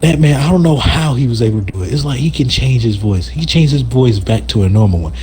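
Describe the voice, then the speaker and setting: A man's voice: medium pitch, animated, fast talker, darkish tone, a little hiss or hum. A man telling a story from school in a casual chat with a friend, slangy and exaggerated, laughing as he goes.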